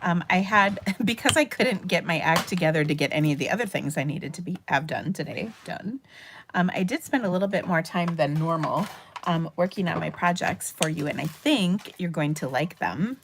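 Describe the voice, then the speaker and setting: A middle-aged woman from Minnesota hosts a papercraft livestream in a chatty, rambling way. Her Minnesotan accent and a slightly low voice carry an easy, talkative style, with fillers and laughs along the way. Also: animated, normal speed, background noise. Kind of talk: casual livestream chat.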